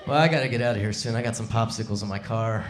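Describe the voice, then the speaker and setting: A man performing a live stand-up set on a comedy club stage, wry and deadpan, speaking into a stage mic. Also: on the low side, rapid-fire, noisy background. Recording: echoey club with loud crowd.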